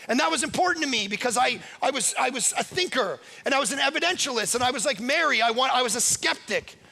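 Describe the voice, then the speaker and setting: Brief: energetic male guest preacher, very high, piercing bright voice, punchy and conversational. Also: creaky, big-room sound. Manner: energetic, emphatic, conversational with rhetorical "right?". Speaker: guest pastor. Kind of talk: sermon.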